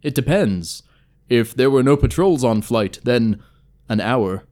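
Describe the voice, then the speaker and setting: A man's voice: medium pitch, lively intonation, unhurried, darkish tone, close to an everyday voice. A man voicing a formal, earnest male elf scout in a fantasy storybook reading. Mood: solemn, urgent.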